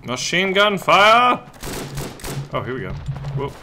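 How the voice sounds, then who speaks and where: A man giving excitable let's play commentary while playing a shooter game, often swearing and shouting at the action. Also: high voice, slow, a little hiss or hum. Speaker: gaming YouTuber. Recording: loud game gunfire behind voice. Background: game gunfire and explosions.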